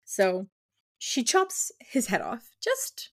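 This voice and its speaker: A young woman co-hosting a casual book podcast, retelling scenes with lively character voices. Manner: animated, acts out characters in quick high voices. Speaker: podcast co-host.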